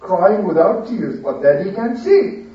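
An adult storyteller telling a religious tale to a child, slow and unhurried with a lively, swinging pitch. The voice comes from away from the mic, bouncing around an echoey room on a dull recording. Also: recorded from a distance. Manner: slow, lively, questioning the listener.

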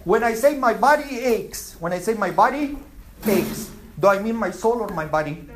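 A woman's voice: medium pitch, lively intonation, normal speed, slight background noise, low-quality recording. A woman teaching an Islamic class, asking her students questions and repeating her points. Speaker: religious teacher.

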